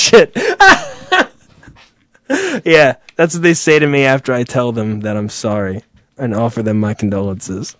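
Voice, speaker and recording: A man's voice: mid-range voice, steady tone, a little slow, long pauses, no room sound. A man hosting a crude, comedic live chat, profane and sardonic, laughing often.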